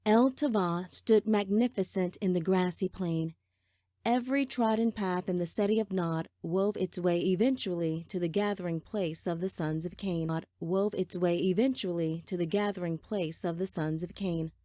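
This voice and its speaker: A woman narrating a fantasy novel in a measured, steady reading style. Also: fairly low pitch, dry recording, clean studio sound. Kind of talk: scripted audiobook narration.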